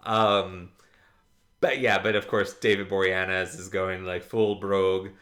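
A man co-hosting a podcast, chatting casually about a TV episode, jokey and quick to laugh. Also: deep voice. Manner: laughs often, jokey and animated. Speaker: podcast co-host. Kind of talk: casual chat recapping a TV episode.

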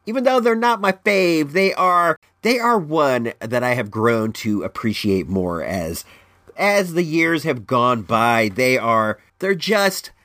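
A man's voice: lively intonation, slow, sharp tone, no echo, studio quality. A stuffed-up man hosting a casual solo show, rambling and repeating himself, calling in from California. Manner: rambling, repeats words, swings high and low. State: stuffed-up nose from allergies. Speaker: podcast host. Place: at home in California.

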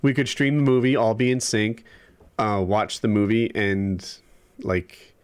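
A man in his forties co-hosts a podcast, chatting casually and wandering off topic with lots of fillers. His voice is on the low side, a little mellow and smooth, and he keeps a measured pace.

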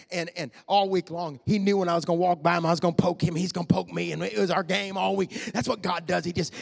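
A man, repeating phrases and building to shouts. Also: high voice, gravelly, husky. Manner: impassioned, repetitive, rising to shouts. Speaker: preacher. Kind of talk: sermon.

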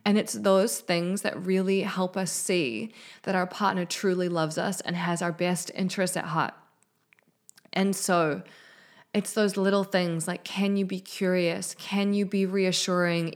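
A woman with a medium-pitched voice hosts her own podcast solo, speaking candidly and emotionally in a casual chat. She swears now and then, talking into a studio microphone with a mixer.

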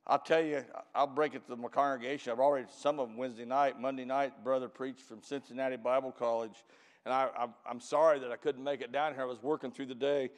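A man preaching a camp meeting sermon as pastor. He stretches and shouts key lines to the church, then drops into quick, quiet storytelling. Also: medium pitch, steady tone, long reverb tail. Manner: preaches with loud drawn-out emphasis, calls out to the church.

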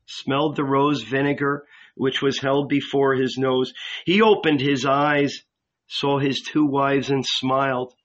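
A man reading a novel aloud in a calm, measured way, recorded lo-fi. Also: medium pitch. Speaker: audiobook reader. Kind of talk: scripted narration of a novel. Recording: dull lo-fi recording.

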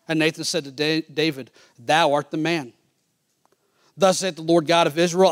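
A man preaching from the pulpit, his voice sitting a touch higher than most men's. He reads old-fashioned scripture passages, then presses his points, climbing loud and high before dropping to near-quiet remarks. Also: no room sound, studio quality. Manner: reads scripture in King James wording. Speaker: pastor. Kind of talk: sermon.

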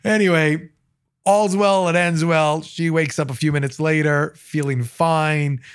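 Male paramedic, lively raconteur, voice sits a touch high. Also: unhurried, clean tone. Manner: animated storyteller, acts out quotes. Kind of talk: casual anecdote telling.

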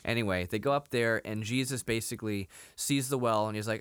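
A man's voice: lowish voice, fairly quick, few pauses, smooth, no echo, clean studio sound. A man co-hosting a podcast, casually retelling a TV episode, quoting characters and laughing often. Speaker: podcast co-host. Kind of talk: casual chat recapping a TV episode.

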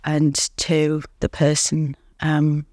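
A woman guest in an interview, telling her recovery story in an earnest, reflective way with pauses. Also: low voice, completely flat delivery, a little mellow, no room sound, clean studio sound. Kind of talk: candid interview talk.

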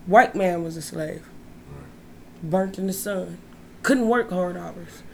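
A woman's voice: fairly low pitch, slow, vocal fry, a little hiss or hum. A woman in casual chat, blunt and profane, telling stories with lots of energy. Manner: blunt, profane, animated storyteller. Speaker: co-host.

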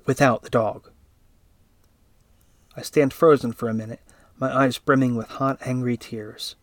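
A man reading a first-person story aloud in a steady, even narrating voice. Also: medium pitch, measured pace, dry recording.

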